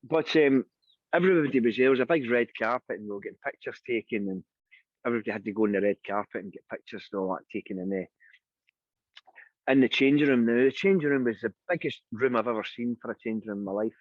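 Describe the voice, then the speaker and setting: A Scottish singer being interviewed, telling anecdotes in a casual, animated way and acting out the voices of the people in them. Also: male voice, mid-range voice, quick pace, no room sound. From Scotland. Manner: lively anecdotal storyteller, acts out quoted voices. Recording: dry, dull lo-fi sound.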